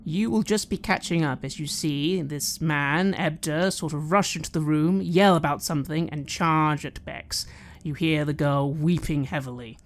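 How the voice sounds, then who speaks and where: Measured tabletop game master narrating. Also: mid-range voice.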